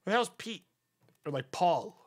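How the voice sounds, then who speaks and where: A man with a high-pitched voice and lively intonation, going at a moderate pace, streams a mystery game. His live commentary is casual as he reasons aloud and chats with viewers.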